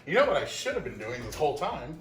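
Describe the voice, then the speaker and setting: A man's voice: fairly high pitch, sing-song, quick pace, fairly bright tone. Guy joking around while he cooks, voice jumps all over, kitchen sounds roomy and far off mic. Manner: jokey, laughs often, self-mocking asides. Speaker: cooking show host. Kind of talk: casual cooking chat. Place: home kitchen.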